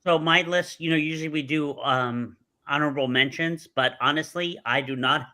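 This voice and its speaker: Bright-toned man in eager casual chat. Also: a little high, normal speed. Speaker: podcast co-host.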